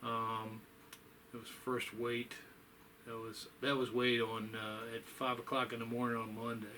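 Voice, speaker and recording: Tired, rambling middle-pitched man. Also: monotone, measured pace, sharp tone, a little hiss or hum. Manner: rambling, folksy, with many fillers and sighs. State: tired, yawning. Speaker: vlogger. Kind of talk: casual chat.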